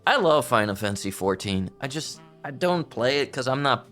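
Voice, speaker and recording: A man chatting live as a VTuber host in a playful, giggly way, swinging his pitch up and down in lively swoops. Faint music plays softly behind him as he talks to his chat. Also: moderate pace. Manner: playful, giggly, theatrical outbursts. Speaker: VTuber streamer. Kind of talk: casual livestream chat.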